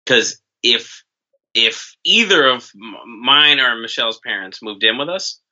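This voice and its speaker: A man co-hosting a comedy podcast, giving blunt, halting advice with many restarts. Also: mid-range voice, animated, pushed and bright, muffled recording. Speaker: podcast co-host.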